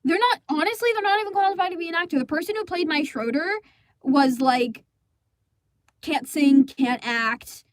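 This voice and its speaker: A woman voicing a rambling, high-voiced indignant teen girl. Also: normal speed, no echo, clean studio sound, close to an everyday voice. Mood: exasperated. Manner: rambling, exasperated, swears freely. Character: indignant teenage girl recounting a school play disaster. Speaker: storyteller in a comic dub. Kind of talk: fan comic dub storytime.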